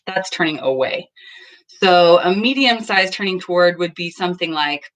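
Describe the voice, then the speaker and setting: A parenting vlogger in her thirties, just in from the garden, talks casually to the camera at home. She's earnest and acts out little snippets of dialogue. Her voice is on the low side, animated and a bit bright, at a normal speed.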